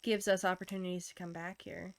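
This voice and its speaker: A woman's voice: fairly low pitch, level tone, fairly quick, creaky, dry recording. A woman giving casual, chatty commentary while playing a story game. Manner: chatty, reacts aloud. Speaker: gaming streamer. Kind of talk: casual let's play commentary.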